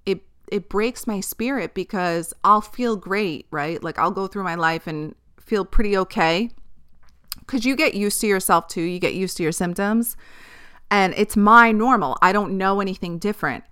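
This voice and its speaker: A woman's voice: medium pitch, normal speed, a bit bright, clear, resonant tone. A woman hosting a podcast, talking candidly and emphatically in casual chat, with frequent swearing and fillers. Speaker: podcast host.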